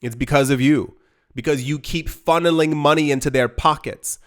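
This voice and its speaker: This crypto investing host has a fairly high, steady voice and talks at a normal speed in a casual monologue aimed at the camera. Emphatic and pleading, he rambles and keeps restarting his thoughts.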